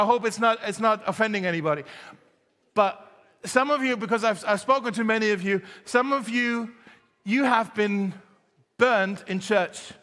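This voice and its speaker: Male pastor, slightly high voice, casual storytelling sermon, emphatic, long church reverb. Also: pushed and bright. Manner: storytelling, conversational with laughs, rising to emphatic exhortation. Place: church hall.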